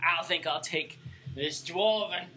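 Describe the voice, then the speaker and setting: A boastful male villain boss gloats over captured weapons and barks orders, as a game master puts him on. The voice rides higher and louder than plain talk, bright and pushed. Faint noise sits behind it. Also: takes it slowly. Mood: gloating. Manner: gloating, commanding. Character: boastful goblin-allied boss, male, commanding.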